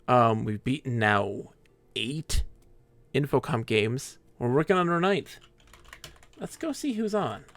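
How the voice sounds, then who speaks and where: A man with a somewhat high, very lively voice, chatting through a live game stream. He talks slowly and jokes at his own expense. The recording is dry and close. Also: gravelly, no room sound. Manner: goofy, joking, self-mocking.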